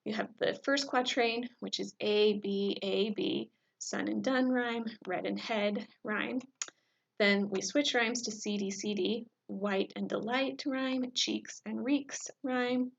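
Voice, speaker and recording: A woman's voice: mid-range voice, steady tone, takes it slowly, vocal fry. A woman teaching a recorded lecture in an explanatory way, with many fillers, sometimes chanting a poem's rhythm aloud. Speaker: instructor. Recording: dull lo-fi recording.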